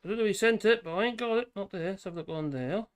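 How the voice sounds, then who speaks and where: A man's voice: high voice, quick pace, smooth. A man hosting a live stream in casual chat, rambling, laughing often and trailing off mid-sentence.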